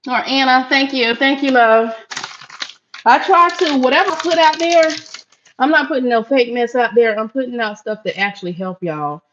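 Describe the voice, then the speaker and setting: A woman's voice: high-pitched, moderate pace, fairly bright tone, muffled recording, a little hiss or hum. Chatty middle-aged woman from Florida. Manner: chatty, addresses viewers as y'all. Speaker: live-stream host. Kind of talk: casual live-stream chat while cooking. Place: home kitchen.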